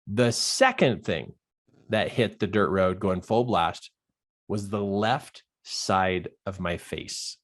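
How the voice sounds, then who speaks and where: A middle-aged man, a life coach, telling a personal story in a coaching talk and acting out the dialogue with big jumps in his voice. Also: takes it slowly. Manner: animated storyteller, acts out quoted dialogue with big pitch jumps.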